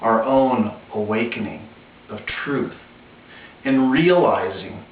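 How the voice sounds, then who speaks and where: A man telling a spiritual parable in a slow, deliberate way with pauses and restarts, recorded through a tinny, echoey line from a distance. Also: fairly low pitch, expressive, a little hiss or hum. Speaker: spiritual storyteller. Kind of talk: told parable, spiritual teaching. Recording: tinny far-off echoey lo-fi with faint background.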